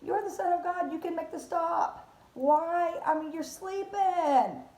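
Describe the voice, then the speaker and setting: A woman's voice: very high-pitched, expressive, unhurried, a little mellow, echoey room, pitched above the performer's own voice, full character voice, low-quality recording. A woman voicing panicked disciples pleading in a storm, frantic and pleading.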